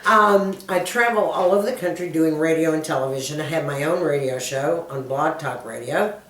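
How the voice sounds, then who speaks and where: Woman in her 60s with a thick Texan accent, low-pitched and chatty, vlogging in an echoey room a little off mic. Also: brisk, recorded from a distance. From Dallas, Texas. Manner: folksy, chatty, calls viewers girlfriends. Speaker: motivational speaker and YouTuber. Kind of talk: casual tag video, answering questions.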